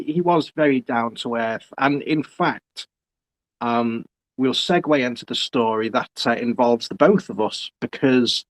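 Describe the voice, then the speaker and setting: A man's voice: medium pitch, low-quality recording. Guy hosting a chat, eager, tells stories and does little voices for quotes. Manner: enthusiastic storyteller, acts out quoted voices. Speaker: interviewer, host. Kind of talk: conversational interview.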